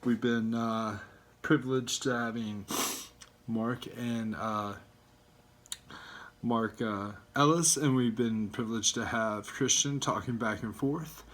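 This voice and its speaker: A man ranting casually in a video blog from home, rambling and halting, with many fillers and swearing. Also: medium pitch, fairly bright tone, a little hiss or hum. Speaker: fan vlogger. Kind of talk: casual rant.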